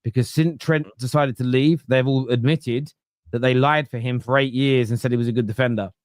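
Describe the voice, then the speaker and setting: A man's voice: mid-range voice, fairly even intonation, fairly quick, no room sound, clean studio sound. A man in his thirties from England, hosting a casual football podcast, swearing freely and acting out quotes. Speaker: podcast host.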